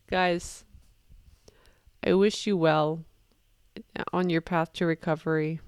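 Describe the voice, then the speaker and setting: Woman reaction host, crisp voice, dry sound, talks through her feelings loosely. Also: on the low side, measured pace, dry recording. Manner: expressive and swearing, rambling. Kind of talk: casual emotional reaction commentary.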